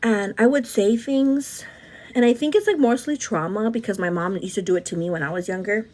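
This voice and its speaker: A woman's voice: medium pitch, darkish tone. A woman in her thirties chatting casually with a livestream audience while doing her makeup, talking openly in a friendly, rambling way. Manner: chatty, says "girl" often, quick asides. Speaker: vlogger answering live chat.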